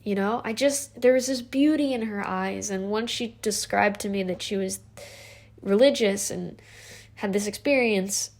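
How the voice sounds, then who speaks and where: A woman's voice: mid-range voice, measured pace. A woman in her twenties talking to camera in a casual, reflective vlog, earnest and rambling, with lots of fillers and restarts. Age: 20s. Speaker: vlogger.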